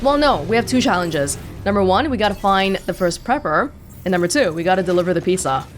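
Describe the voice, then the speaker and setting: A woman's voice: lowish voice, lively intonation, fairly quick, a little hiss or hum. Woman hosting a let's play, casual, talks through choices. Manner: chatty, thinking aloud. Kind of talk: casual gameplay commentary.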